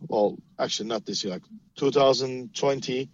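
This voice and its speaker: An Australian man, a knife maker, talking plainly and a bit haltingly in casual chat. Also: medium pitch, dull audio.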